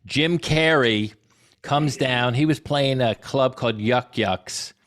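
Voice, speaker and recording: A middle-aged man, a comedy historian answering audience questions in an animated, digressive storytelling way. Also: mid-range voice. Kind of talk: conversational Q&A talk.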